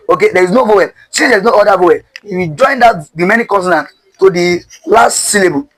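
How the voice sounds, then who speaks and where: A man's voice: sits high, a bit bright, rough recording. A man teaching English pronunciation step by step, spelling words out letter by letter, asking questions and having listeners repeat. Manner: repetitive, drilling, asks questions and has listeners repeat.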